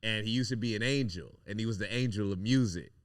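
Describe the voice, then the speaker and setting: A man's voice: on the low side, fast talker, dry recording, studio quality. A man hosting a casual podcast chat, a rambling, profane storyteller who often restarts his sentences. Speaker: podcast host.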